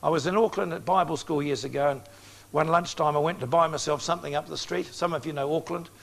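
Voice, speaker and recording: A man's voice: a little high, steady tone, fast, creaky, fairly bright tone. A man in his sixties preaching an evangelistic sermon, speaking directly to his audience and telling stories with acted-out dialogue. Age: 60s. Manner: direct, storytelling, acts out dialogue.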